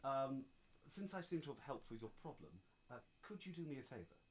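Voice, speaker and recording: A man playing an overly polite gentleman adventurer who keeps apologizing, with halting, courteous speech. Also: medium pitch, animated, noisy background, voice pushed up, close to an everyday voice.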